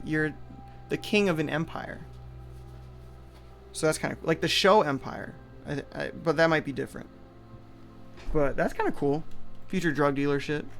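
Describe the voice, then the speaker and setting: A man's voice: on the high side, fairly bright tone. A man streaming live, reading chat aloud and riffing on it in a loose, rambling way full of "like" and trailing asides.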